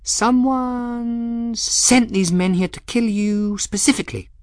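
Guy putting on a high earnest apprentice girl, careful and eager, dry close sound. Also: flat delivery, takes it slowly, clean tone, dry recording. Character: young woman apprentice, earnest and precise.

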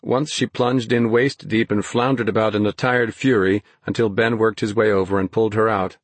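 A man with a husky voice narrating an audiobook in a steady, even storytelling manner. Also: lowish voice, moderate pace, dry recording. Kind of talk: scripted narration.

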